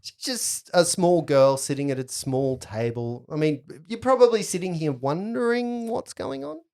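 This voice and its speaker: A woman's voice: sits low, expressive, moderate pace, darkish tone. A woman running a tabletop game as game master, narrating scenes in a playful way.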